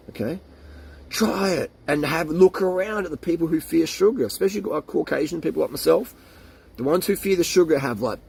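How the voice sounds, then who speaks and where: A man's voice: fairly high pitch, expressive, brisk, vocal fry, darkish tone, a little hiss or hum. A man in his forties ranting to camera in a casual, mocking and jokey way, slipping into silly voices for made-up quotes. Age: 40s. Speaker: vlogger.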